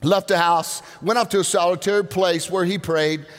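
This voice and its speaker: A man preaching a sermon to a congregation, telling stories with lively acted-out voices. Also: high-pitched, moderate pace, soft background music. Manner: animated storytelling, acts out voices. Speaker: pastor. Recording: long reverb of a large hall.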